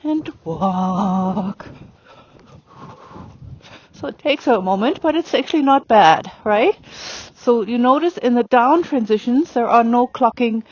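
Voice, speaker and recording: Woman riding instructor, fairly high voice, chatty and filler-heavy, riding outdoors on a worn mic, dull lo-fi sound. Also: animated, moderate pace, few pauses, darkish tone. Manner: chatty, lots of fillers, gives spoken commands to a horse. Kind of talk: riding lesson demonstration. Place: outdoor arena, riding a horse.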